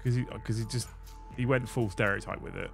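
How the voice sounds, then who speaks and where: A man's voice: lowish voice, fairly even intonation, a little fast, gravelly, fairly bright tone. A man hosting a casual livestream, chatting and thanking viewers while building models. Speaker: livestream host. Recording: faint music behind.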